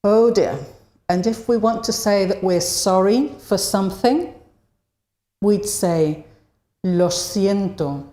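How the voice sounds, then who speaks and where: A woman teaching an online language lesson, modeling short phrases slowly and clearly for learners to repeat. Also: mid-range voice, mellow, roomy sound.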